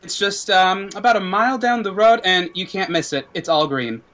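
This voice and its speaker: A man's voice: high voice, moderate pace, sharp tone. A man voicing a sly woman informant in leathers who trades answers for coin and calls people "love.".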